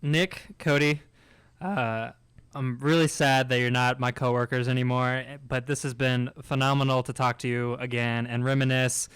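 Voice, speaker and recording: A man hosting a podcast signs off and promotes the show's feeds. His voice is very smooth and clear, recorded close and dry, and his pitch sits in the middle. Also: level tone, normal speed, a bit bright, no echo. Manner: friendly sign-off, plugs social accounts. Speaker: podcast host. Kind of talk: casual podcast wrap-up.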